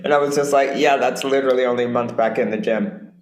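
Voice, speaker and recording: A woman in her late fifties, a guest in a casual conversation, tells animated stories and acts out quotes with laughter. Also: very deep voice, quick pace. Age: late 50s. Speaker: guest, spiritual guide. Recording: roomy echo.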